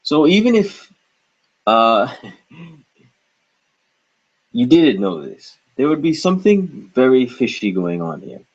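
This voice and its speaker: A husky, fairly low-voiced man teaches a reading lesson at an unhurried pace, breaking words into syllables and repeating each one patiently. The recording is dull and lo-fi. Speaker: language teacher.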